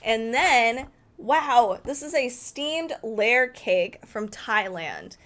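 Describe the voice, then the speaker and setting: A woman with a slightly high voice talks through a cookbook as she flips its pages. She is eager and chatty, thinking aloud and catching her own slips. The tone is a casual home review. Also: lively intonation, drawn-out words, a bit bright. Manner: enthusiastic, thinking aloud, self-correcting. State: arm tired from holding a heavy book.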